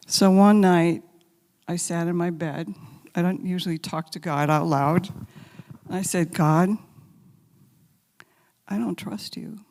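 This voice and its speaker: A woman giving a spiritual talk as guest speaker, telling stories gently and sometimes dropping to a soft whisper, then leading a guided meditation. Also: lowish voice, steady tone, measured pace. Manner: gentle, intimate storytelling, drops to soft whispers. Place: large sanctuary. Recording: long hall reverb.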